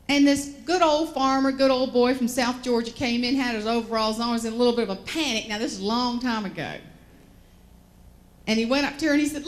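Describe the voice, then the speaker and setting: A woman's voice: on the high side, a little fast. Folksy Southern woman speaker. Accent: Southern American. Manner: folksy, animated storyteller. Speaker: motivational speaker. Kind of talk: humorous keynote storytelling.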